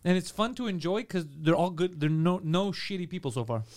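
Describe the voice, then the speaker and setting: Animated man trading comic banter. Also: high voice, a little fast. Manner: animated, swears often, acts out quotes in silly voices. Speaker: podcast co-host. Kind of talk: casual comedic chat.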